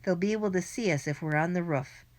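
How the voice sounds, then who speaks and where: A woman's voice: on the low side, fast, a little mellow, natural voice. A woman reading an audiobook, voicing an eager schoolboy who urges his best friend on insistently. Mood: urgent. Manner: urgent and insistent. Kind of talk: audiobook character voice.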